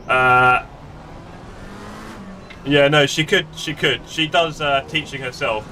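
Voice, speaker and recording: A man in middle age chats away to his stream viewers at a home gaming desk. His voice is bright and forward, his manner loose, rambling and self-deprecating. A faint air-conditioning hum sits underneath. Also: mid-range voice, measured pace, long pauses. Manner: chatty, self-mocking, rambling asides to chat. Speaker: sim racing streamer. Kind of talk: casual live-stream chat. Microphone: desk streaming mic.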